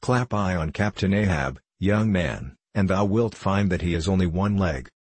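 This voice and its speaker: A man voicing a gruff, suspicious old Quaker whaling captain in an audiobook, speaking bluntly in old-fashioned thee-and-thou speech. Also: deep voice, moderate pace, a little mellow, no room sound. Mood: stern. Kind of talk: audiobook character reading.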